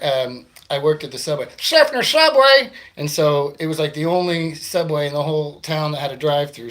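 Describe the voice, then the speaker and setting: A man from the Tampa Bay area of Florida, a comedian telling rambling, self-deprecating, profane stories. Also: fairly high pitch. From Tampa Bay area, Florida, USA. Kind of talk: comedic storytelling monologue.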